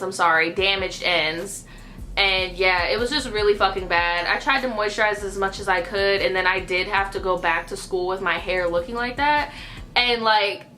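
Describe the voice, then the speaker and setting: A woman's voice: medium pitch, pushed and bright. A young woman telling a casual storytime vlog, chatty and loose, full of "like" and swearing. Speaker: vlogger.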